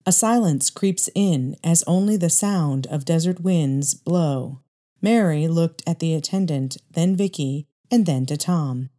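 A woman reads a dramatic story aloud, measured and steady. Her voice is low and dark, with a mellow warmth. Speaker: narrator.

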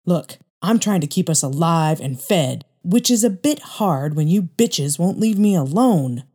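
A man's voice: a little high, normal speed, lightly acted. A woman reading a story voices an angry, bitter father who snaps harshly at his family. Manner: harsh, snapping and loud. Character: angry, bitter drunk father, middle-aged man.

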